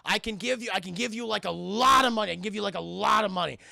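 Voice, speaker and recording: A man's voice: high voice, quick pace, gravelly, pushed and bright, no echo, studio quality, voice pushed up, heavily acted. A man voicing a desperate female nurse who stammers and pleads for help. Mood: pleading.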